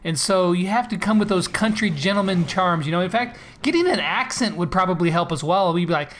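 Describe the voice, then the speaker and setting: A man's voice: high-pitched, lively intonation, fast, fairly bright tone, a little hiss or hum. A man in his thirties from California, answering viewer questions and commenting on gameplay in an upbeat, joking, chatty way. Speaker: gaming YouTuber. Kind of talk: casual Q&A vlog with gameplay commentary.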